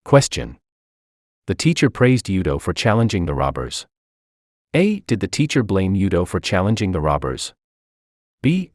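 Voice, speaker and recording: A man with a very low voice reads a scripted exam tutorial, listing rules and example words in turn. His pitch swings widely as he reads. The recording is dry and close, with no room sound. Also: darkish tone, dry recording. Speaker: English language tutor. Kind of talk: scripted instructional reading.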